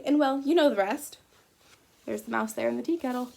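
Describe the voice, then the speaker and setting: A woman teacher reading a picture book aloud to children, gently pausing to ask them questions about the story. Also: a little high, creaky. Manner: gentle, asks children questions as she reads.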